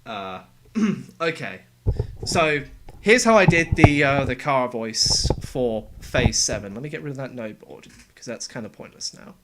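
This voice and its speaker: A young man casually explaining how he made game voices, talking in a relaxed, halting way. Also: medium pitch, noisy background. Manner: halting, relaxed, with fillers and restarts. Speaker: game voice actor and sound editor. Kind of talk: casual developer commentary.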